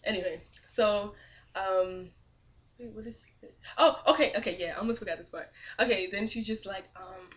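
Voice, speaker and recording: A young woman vlogger retelling a dream in casual, animated storytelling, laughing often and saying "like" a lot. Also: mid-range voice, normal speed.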